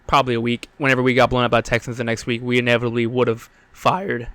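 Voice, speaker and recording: A man's voice: mid-range voice, flat delivery, fast, fairly bright tone, smooth, no room sound. A young man hosting a solo sports podcast, out of breath, rambling with lots of fillers and blunt, profane opinions. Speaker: podcast host.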